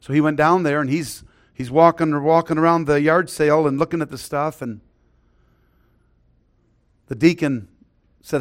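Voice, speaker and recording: A middle-aged man preaching a sermon, earnest, often dropping to a hushed voice when he tells a story. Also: on the high side, fairly even intonation, normal speed, pauses often. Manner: earnest, drops to a hushed voice for stories.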